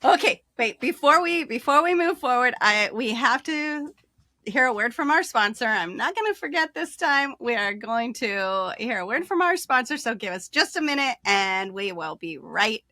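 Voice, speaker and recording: A woman hosting an interview, upbeat and quick to laugh. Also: a little high, expressive, bright, forceful tone, dry recording. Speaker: host.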